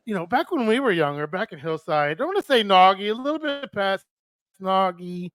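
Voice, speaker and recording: A man's voice: high voice, sing-song, brisk, a bit bright, dry recording. An older man from New hosting a live radio stream, chatting loosely and cursing with a friend. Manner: loose, profane, joking. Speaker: radio show host. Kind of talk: casual live-stream chat.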